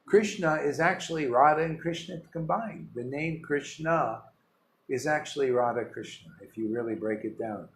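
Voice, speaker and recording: A man's voice: on the high side, normal speed, a little hiss or hum. A man, a spiritual teacher, giving an informal devotional talk, emphatic and rambling, full of rhetorical questions. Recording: roomy echo with faint ambience.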